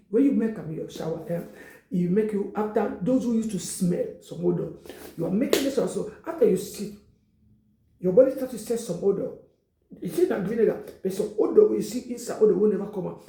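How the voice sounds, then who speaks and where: A woman giving an informal exhortation, repeating herself, leaning on "you see" and breaking into loud prayer. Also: medium pitch, echoey room, poor audio. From Cameroon. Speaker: exhortation speaker.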